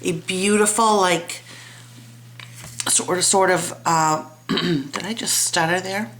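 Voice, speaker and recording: At home, a beauty vlogger chats casually about lipsticks and nail polish, rambling, trailing off, restarting, and teasing herself. Her voice is lowish, slow, and fairly bright, with a little hiss or hum in the recording.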